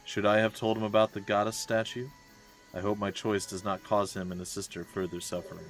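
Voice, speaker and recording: Man, deep-ish voice, solemn slow reading, soft game music behind. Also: level tone. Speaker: streamer. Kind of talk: reading in-game text aloud.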